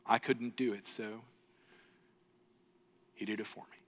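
A man's voice: fairly low pitch, fairly even intonation, unhurried. A man preaching a sermon as pastor, earnest and storytelling, often checking in with the congregation. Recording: long reverb of a large hall.

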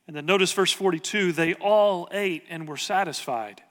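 A man's voice: high voice, moderate pace, few pauses, a bit bright, in a large hall. A man preaching a sermon as pastor, earnest and conversational, asking the congregation rhetorical questions.

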